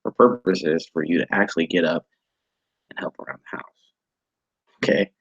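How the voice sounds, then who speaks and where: A man with a low, husky voice teaches an online training class over a video call. He talks in a halting way, repeating words and restarting his sentences. The sound is dry and dull, like lo-fi call audio. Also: a bit bright, dry recording. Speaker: instructor.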